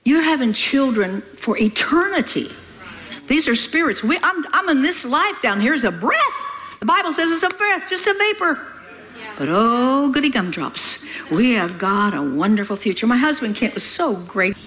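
A woman's voice: sits high, sing-song, normal speed, sharp tone. An older woman preaching a sermon in a folksy, scolding way, often laughing as she talks. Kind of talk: sermon with read-aloud testimony.

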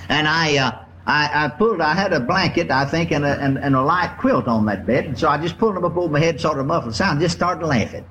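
A man's voice: highs cut off, a little hiss or hum. An older man preaching a folksy storytelling sermon, acting out his own laughter. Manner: folksy storytelling, lively pitch, acts out laughing.

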